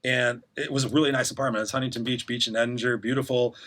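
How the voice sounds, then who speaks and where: A man's voice: medium pitch, little pitch movement, fast talker, fairly bright tone. A middle-aged man, a podcast guest, candidly telling his story in casual interview talk and acting out the voices he quotes.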